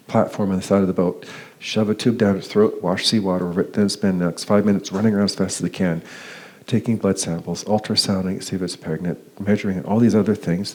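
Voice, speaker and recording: Low-voiced man telling a story. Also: a little mellow. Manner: hesitant, many fillers and restarts; acts out quoted dialogue with raised pitch. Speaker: conference speaker. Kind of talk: personal story told as a lecture.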